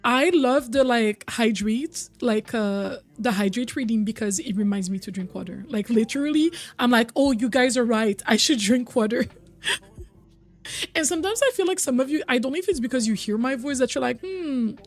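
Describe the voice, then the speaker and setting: A woman's voice: on the high side, expressive, normal speed. A young woman streaming a game and chatting casually with her viewers, getting over a cold. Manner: chatty, reads and answers chat, hums and sings bits. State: recovering from a cold.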